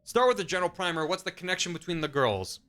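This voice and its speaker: Guy reading as a sharp woman partner, high and bright, all business. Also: very animated, fast. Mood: businesslike.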